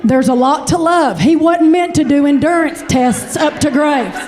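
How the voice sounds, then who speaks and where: High-voiced Kentucky comedian woman. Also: normal speed, faint music behind. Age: 40s. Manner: chatty, animated, addresses the audience directly. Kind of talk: stand-up storytelling.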